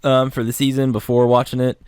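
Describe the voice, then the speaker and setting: A man co-hosting a podcast, recapping TV scenes in casual chat with quick acted-out bits of dialogue and easy swearing. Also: medium pitch, little pitch movement, a little mellow, clear, resonant tone, no echo, clean studio sound. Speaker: podcast co-host.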